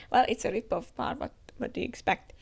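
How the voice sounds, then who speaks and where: A woman's voice: fairly high pitch, lively intonation, moderate pace, vocal fry, darkish tone, breathy edge. A woman hosting a comic reaction, reading the chapter aloud with chatty comments and frequent laughs. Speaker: manga reaction host.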